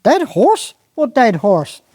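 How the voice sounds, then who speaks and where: A performer doing a blustering, outraged posh squire. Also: male voice, high-pitched, sing-song, moderate pace, a little mellow, dry recording, clean studio sound, pitched above the performer's own voice. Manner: blustering, increasingly outraged questions. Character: posh, hot-tempered upper-class country squire.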